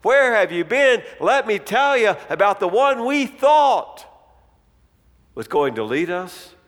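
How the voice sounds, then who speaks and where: A preacher voicing an exasperated ancient traveler. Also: male voice, a little high, expressive, normal speed, close to an everyday voice. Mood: incredulous. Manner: raised, emphatic questioning. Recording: long reverb of a large hall.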